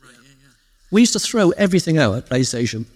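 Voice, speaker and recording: Man guest, quick anecdotal storyteller, live stage, long hall reverb. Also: fairly high pitch. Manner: lively storyteller, animated quoted asides. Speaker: interview guest, former games PR director. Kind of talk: casual anecdotal interview.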